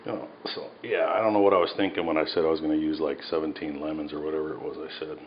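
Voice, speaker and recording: A man with a very low voice talks his way casually through a recipe in a home kitchen. He rambles and cracks self-mocking jokes. The sound is a little dull, with a faint hiss behind. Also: level tone, rapid-fire. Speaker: home cook. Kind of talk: casual cooking video.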